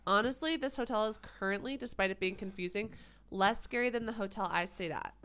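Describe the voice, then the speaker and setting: A woman's voice: mid-range voice, brisk, fairly bright tone, clear, resonant tone. A woman streaming a horror game and talking through it in a rambling, sarcastic way, swearing freely. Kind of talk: casual gameplay commentary.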